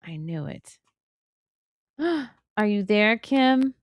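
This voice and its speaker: A woman hosting a live podcast, reacting to a roller coaster video with dramatic, animated commentary and silly voices for her own thoughts. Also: mid-range voice, extremely slow, no room sound, dull audio. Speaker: podcast host.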